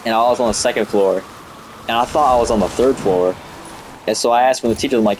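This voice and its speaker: A man's voice: medium pitch, fast, slight background noise. A young man in his late teens telling rambling, profane school stories in a casual way while playing a video game. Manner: rambling, profane, full of fillers like "you know" and "like". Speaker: student gamer talking while playing.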